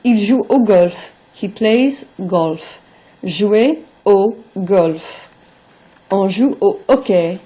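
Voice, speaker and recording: A woman's voice: medium pitch, expressive, drawn-out words, warm tone. A woman teaching French in English, explaining grammar step by step and modelling French words before glossing them. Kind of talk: recorded vocabulary lesson.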